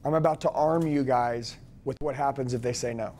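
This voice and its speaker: A man leading a live sales training, forceful and commanding, repeating key lines for emphasis to a group in a training room. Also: mid-range voice, fairly even intonation, a little fast.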